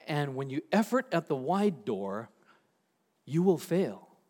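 Emphatic male pastor with a lively voice. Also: fairly high pitch. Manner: emphatic, slows down to stress key words; reads scripture aloud to the congregation. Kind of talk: sermon.

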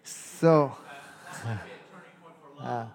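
A man teaching a church audience in a casual lecture, often checking in with "okay?" and reading passages slowly aloud. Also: medium pitch, vocal fry, darkish tone. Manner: conversational, keeps checking in with "okay?" and reads verses aloud slowly. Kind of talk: informal lecture with audience questions.

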